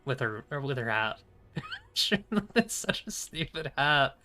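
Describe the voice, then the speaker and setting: A man's voice: medium pitch, sing-song, slow, pushed and bright, soft background music. A young man streaming a video game, chatting casually, joking, laughing often and swearing. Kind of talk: live gaming commentary.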